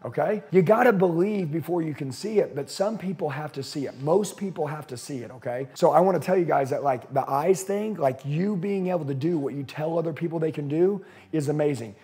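Male sales coach, fired-up and foul-mouthed, fairly high and warm, faint music underneath. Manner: profane, intense, punchy. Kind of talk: motivational talk to an audience.

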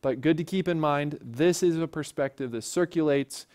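A man's voice: a little high, normal speed, a little mellow. A man teaching a Bible lesson for a church in a conversational way, often checking in with the listeners.

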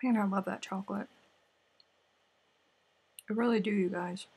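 Snacking as she goes, a crochet livestreamer casually and playfully answers comments from her audience. Her medium-pitched voice is creaky and a little mellow with a breathy edge, its intonation fairly even and its pace moderate.

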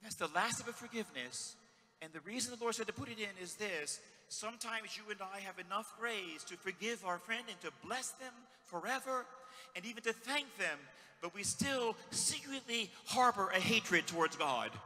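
A middle-aged male priest preaching a sermon, swinging from shouts to hushed words as he tells stories. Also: high-pitched, animated, a little fast. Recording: long hall reverb.

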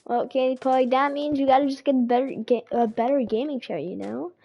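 High-voiced excitable woman game streamer. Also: a little fast, vocal fry, breathy edge, highs cut off. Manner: excitable, rambling, stammers and repeats words. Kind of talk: casual live-stream chat.

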